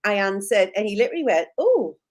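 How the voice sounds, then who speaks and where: With a fairly high voice and a moderate pace, a Geordie co-host from Newcastle, England, chats and tells stories in a live session. "Like" crops up constantly, along with laughs at her own expense.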